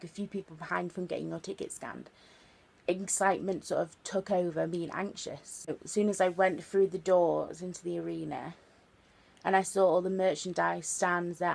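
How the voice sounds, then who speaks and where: A woman's voice: on the low side, gravelly, darkish tone, breathy edge. A woman of twenty telling a chatty, earnest story for her vlog, full of fillers and repeated words. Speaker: vlogger.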